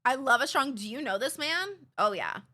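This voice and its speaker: A woman streamer telling stories in casual chat, animated and swearing freely. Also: high-pitched, normal speed.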